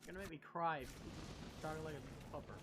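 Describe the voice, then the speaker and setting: A man's voice: fairly high pitch, fast talker, over music. A young man streaming a video game, rambling casually, swearing and chatting to his viewers. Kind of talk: casual gameplay commentary.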